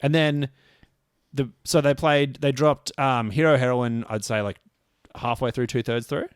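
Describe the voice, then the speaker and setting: A man's voice: mid-range voice, a little slow, clean tone, no room sound, studio quality. A man co-hosting a casual music podcast, joking and rambling with self-deprecating asides. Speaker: podcast co-host. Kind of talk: casual chat.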